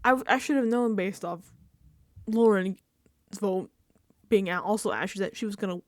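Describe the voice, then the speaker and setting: A woman's voice: medium pitch, moderate pace, dry recording, studio quality. A woman hosting a casual reality TV recap, animatedly acting out her reactions into a microphone. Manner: animated, acts out her own reactions and quotes. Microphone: desk microphone.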